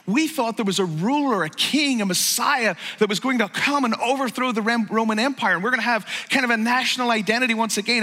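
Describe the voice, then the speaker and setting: A male pastor delivers a lively sermon and keeps slipping into acted-out quotes and casual asides. His voice sits high and bright, and a long reverb trails after it. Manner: animated, acts out quoted lines, conversational asides.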